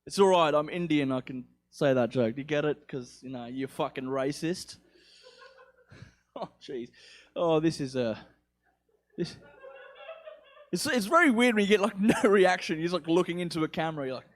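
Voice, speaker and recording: On the high side and animated, this young English comedian's voice moves at normal speed but pauses often. His stand-up is rambling, profane and self-mocking, delivered with an accent somewhere between English and Australian.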